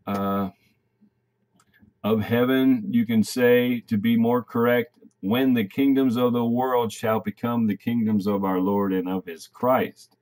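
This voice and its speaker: A man's voice: medium pitch, slow pace. A man giving an emphatic Bible prophecy teaching, reading scripture aloud and addressing listeners as brothers and sisters. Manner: emphatic, animated preaching with laughs and asides.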